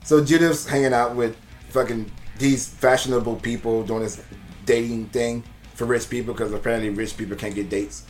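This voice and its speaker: A man's voice: medium pitch, steady tone, moderate pace, a little mellow, soft background music. A man casually recapping a movie on a podcast, rambling, laughing often and swearing freely. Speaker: podcast co-host reviewing a movie. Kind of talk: casual chat.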